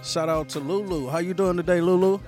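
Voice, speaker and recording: A man's voice: high voice, brisk, a little mellow, soft background music. A man vlogging food reviews at an outdoor market, hyped and slangy, calling everyone man. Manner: hyped slangy chatter, says man a lot. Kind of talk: casual food review vlog.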